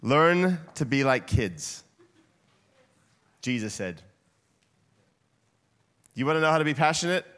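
A man preaching a sermon in a church hall, lively and playful, getting the congregation to shout along with him. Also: mid-range voice, slow, pauses often, clean tone. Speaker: guest preacher.

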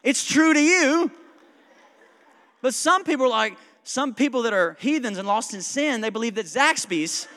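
A man with a high voice preaches in a church sanctuary. His words trail off into a long reverb. He keeps it conversational and jokey, quick with asides and chuckles. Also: lively intonation, pushed and bright. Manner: conversational, joking, self-described smart aleck. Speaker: pastor. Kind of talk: sermon.

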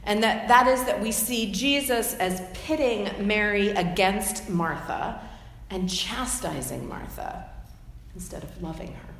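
A woman preaching a sermon, retelling a story with imaginative detail and gentle asides. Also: medium pitch, a little slow, creaky, a little hiss or hum. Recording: echoey hall with faint ambience.

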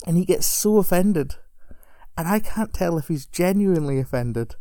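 Woman, casual storyteller; warm low-key tone, self-deprecating, chuckles as she goes. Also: animated, moderate pace, no room sound. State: recovering alcoholic. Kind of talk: casual anecdote telling.

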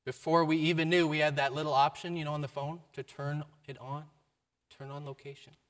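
A man giving a sermon, telling a story with varied emphasis and a mid-pitched voice. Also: level tone, fairly quick, a bit bright. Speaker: preacher.

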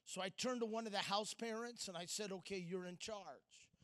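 A middle-aged man giving a sermon, telling a personal story with dramatic pauses and swings from loud to hushed. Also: high-pitched, clear, resonant tone. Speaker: speaker.

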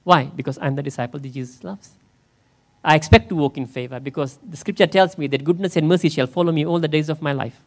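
A man in the role of pastor, preaching a conversational sermon in church and often asking his listeners questions. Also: a little high. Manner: conversational, asks the congregation questions.

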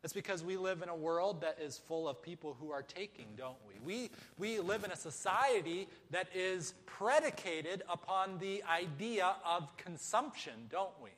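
A high-voiced man delivers a sermon from a church sanctuary, his words trailing off into a long hall echo. He preaches emphatically, asking rhetorical questions and hammering phrases through repetition. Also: normal speed, hardly any pauses, fairly bright tone. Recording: echoey hall.

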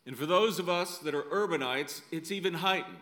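A man's voice: fairly high pitch, a little fast, fairly bright tone. A middle-aged male pastor preaching a sermon in a conversational way, often adding "right?" asides.

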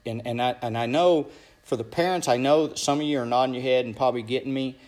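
A man's voice: mid-range voice, quick pace, darkish tone. A man coaching young bull riders and their parents, talking bluntly and swearing, and he keeps asking "you know what I'm saying?". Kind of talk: motivational talk to young riders.

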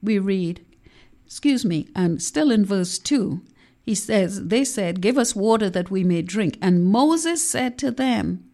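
A woman preaching a sermon, slow and emphatic, dotted with amens and hallelujahs. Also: mid-range voice, expressive, mellow.

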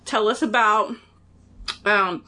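A woman's voice: mid-range voice, fairly even intonation, bright, forceful tone. A woman co-hosting a podcast who chats casually and laughs easily. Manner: laughs easily, quick to joke. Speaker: podcast co-host. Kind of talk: casual chat.

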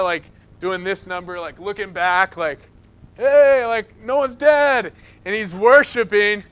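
A man preaching a sermon, telling stories in an animated way and acting out the quoted lines. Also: high voice, clean tone. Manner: animated storytelling, acts out quotes.

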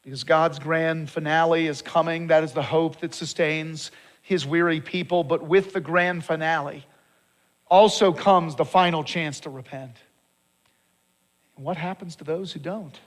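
Man, pastor, sermon, slightly high voice, emphatic rhetorical questions. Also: steady tone, measured pace.

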